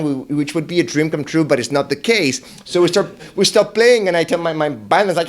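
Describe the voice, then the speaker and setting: A young man telling a personal story, wry and self-mocking, jumping into high, excited voices when he quotes himself. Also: brisk, hardly any pauses. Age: young adult.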